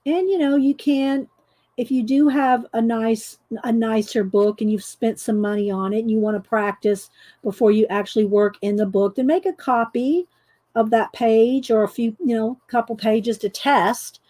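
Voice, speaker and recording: A woman's voice: on the high side, moderate pace, dark tone. A middle-aged woman, hosting a casual coloring livestream, chatty and laughing often as she greets viewers. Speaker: livestream host demonstrating coloring.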